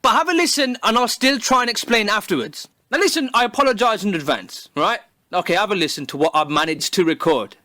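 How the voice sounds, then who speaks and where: A man's voice: high-pitched, animated, fast talker, pushed and bright, dry recording, clean studio sound. A man delivering a sarcastic, heavily profane comedic monologue, recorded on a phone. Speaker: comedy video creator.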